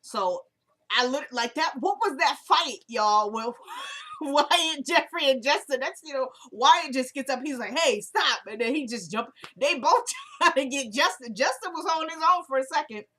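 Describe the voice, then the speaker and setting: A woman's voice: sits high, sing-song, normal speed, pushed and bright. Chatty young woman recapping a show. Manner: chatty, laughing, retells scenes in quoted dialogue. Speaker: TV recap vlogger. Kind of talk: casual episode recap to camera. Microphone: camera mic at home.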